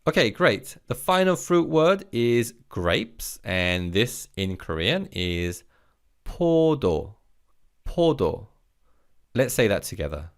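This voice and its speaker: A man teaching a recorded vocabulary lesson, leading slow repeat-after-me drills and praising the learner between words. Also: mid-range voice, sing-song. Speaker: language teacher.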